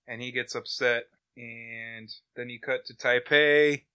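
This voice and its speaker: A man's voice: mid-range voice, fairly even intonation, takes it slowly, few pauses, sharp tone, smooth, no echo. A man hosting a comic book podcast, casually retelling plots in a rambling, enthusiastic way. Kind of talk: casual chat, recapping comics.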